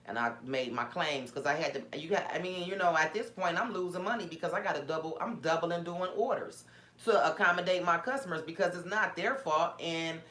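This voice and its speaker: A woman's voice: fairly low pitch, a little fast, a bit bright. A woman vlogger telling a story in a casual, indignant way, with many restarts. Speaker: small business owner vlogger. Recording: roomy echo.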